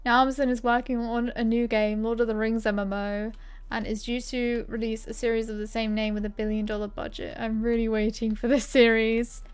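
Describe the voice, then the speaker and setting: A woman's voice: on the high side, flat delivery, fairly quick, smooth. A woman streaming a game, reading quest text aloud in character voices and chatting casually with her viewers.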